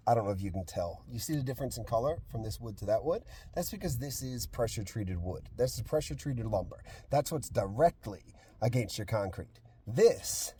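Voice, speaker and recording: A man walks an unroofed house frame outdoors, explaining the construction in a chatty, emphatic vlog style. His voice sits at a middle pitch, recorded on a handheld phone or camera. A faint outdoor hum runs underneath. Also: a little mellow. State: a little out of breath. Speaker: real estate agent touring a house build.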